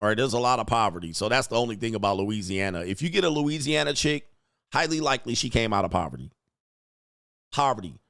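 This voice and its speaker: A man hosting a casual livestream, reading chat comments and telling stories in a profane, animated way. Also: mid-range voice, fast, vocal fry. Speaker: host of a livestream show. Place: home studio.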